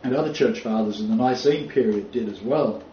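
A man's voice: lowish voice, fairly quick, dark tone. A man preaching a sermon, quoting scripture emphatically and rising on key phrases. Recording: roomy, distant, dull, faint noise.

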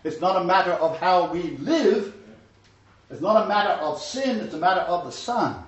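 A man's voice: high-pitched, lively intonation, normal speed. A man teaching a Bible study, moving between earnest scripture reading and loose, emphatic commentary. He sits some way from the mic, so the room rings around him. The sound is muffled and dull. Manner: emphatic, conversational asides. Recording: roomy, distant, dull sound.

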